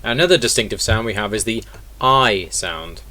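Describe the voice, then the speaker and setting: A man's voice: on the low side, lively intonation, moderate pace, bright, forceful tone. A man teaching an online lesson in a casual way, explaining step by step and repeating example words. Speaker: accent teacher.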